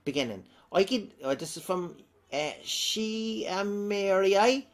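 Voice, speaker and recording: A man's voice: sits high, lively intonation, unhurried. An Irish man reading out viewer comments in a chatty, rambling way, often breaking into laughter. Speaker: comedic vlogger.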